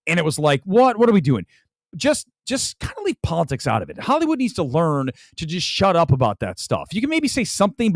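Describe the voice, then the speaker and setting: Animated, high-voiced ranting man. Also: no echo. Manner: animated, ranting, reads viewer super chats. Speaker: movie talk show host. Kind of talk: livestream movie review chat.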